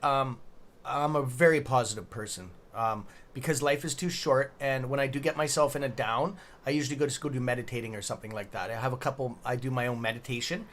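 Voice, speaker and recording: This middle-aged trading livestream host has a mid-range, slightly bright voice. He keeps things casual, reading viewers' chat aloud and joking around with loose swearing.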